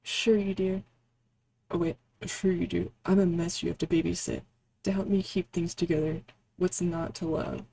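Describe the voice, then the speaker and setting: A woman's voice: fairly low pitch, steady tone, moderate pace, vocal fry, warm tone, slight background noise. A woman reading the lines of a bitter, self-pitying young man in a story game, with a sulky, sarcastic delivery.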